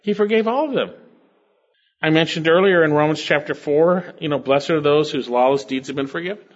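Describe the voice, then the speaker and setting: A man's voice: fairly high pitch, fairly quick, dull audio. Older man preaching an expository sermon. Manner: expository preaching, quoting scripture and Greek words, with sudden swells of enthusiasm. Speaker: pastor.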